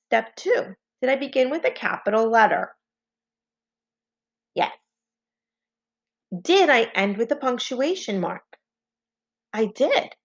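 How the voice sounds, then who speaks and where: A woman leads a phonics lesson at a slow, deliberate pace, patient and encouraging as she spells out each letter. Her voice is fairly high and moves a lot, with a gravelly edge. The recording sounds a little dull and lo-fi. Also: big pitch swings. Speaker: teacher. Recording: slightly dull lo-fi home recording.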